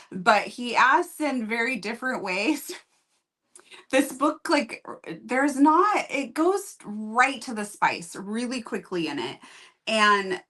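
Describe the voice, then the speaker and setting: A woman's voice: medium pitch, a bit bright. A woman hosting a book review show, chatting casually and candidly, with rambling asides. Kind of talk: casual chat.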